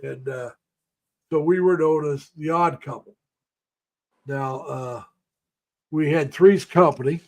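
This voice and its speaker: A man's voice: a little high, slow pace, pauses often, darkish tone. An older man hosting a casual live stream, telling rambling, folksy stories about the past and greeting viewers by name. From United States.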